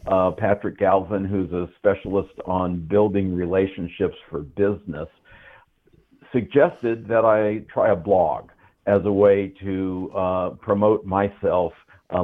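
Older man on a tinny call line. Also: low-pitched. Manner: relaxed, rambling with many fillers. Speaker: guest economist and writer. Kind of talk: casual interview talk.

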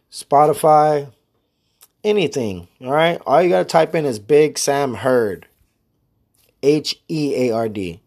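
A man chatting alone on his podcast in an easygoing, meandering way. His talk is loose and slangy, with casual swearing. His voice sits at an ordinary middle pitch. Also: gravelly, a little mellow. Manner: laid-back, slangy and profane, rambling. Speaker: podcast host. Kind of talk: casual solo podcast chat.

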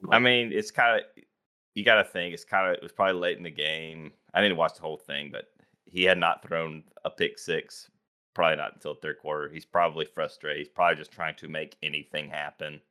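A man co-hosting a sports podcast, opening the show with energetic jokes and casual banter. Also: extremely low pitch, brisk, clear, resonant tone. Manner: energetic, joking, animated intro. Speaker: podcast co-host.

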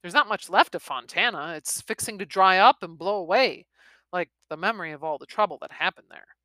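Lady reading a cool seasoned gunfighter, steady, lowish bright voice. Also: no echo. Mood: calm. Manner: cool and measured. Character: calm, seasoned male gunfighter hero.

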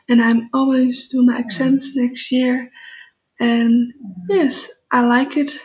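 A teenage girl from the Netherlands with a Dutch accent, a Dutch native speaker introducing herself in a casual vlog, talking slowly and hesitantly with many fillers. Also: fairly high pitch, level tone, a little mellow, poor audio. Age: teens. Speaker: vlogger.

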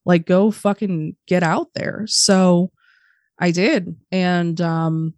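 A woman guest on a podcast, telling her story candidly in casual chat, swearing freely and speaking quickly. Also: fairly low pitch, steady tone, no room sound, clean studio sound.

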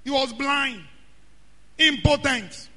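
A man preaching a sermon, often shouting and drawing out words. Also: extremely high pitch, slow pace. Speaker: pastor. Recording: hall reverb.

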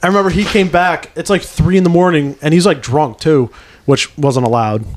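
A man in his twenties, a former Marine, telling profane, animated stories in casual chat. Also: fairly high pitch, normal speed.

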